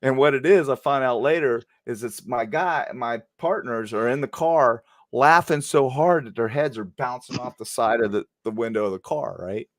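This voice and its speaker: With medium pitch, a moderate pace and hardly any pauses, a middle-aged ex-cop tells a casual story. He's animated and talks directly to his viewers.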